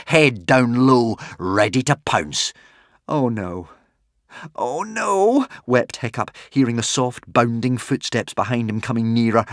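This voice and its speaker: A man narrating a children's adventure audiobook in an animated, dramatic way with playful asides. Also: medium pitch, no room sound, clean studio sound. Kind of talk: expressive storybook narration.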